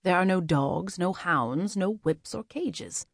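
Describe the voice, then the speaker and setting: Lady narrator doing a calm teasing guy mage, gentle but firm, dry close sound. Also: on the low side, normal speed, no room sound, heavily acted. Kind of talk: audiobook character voice.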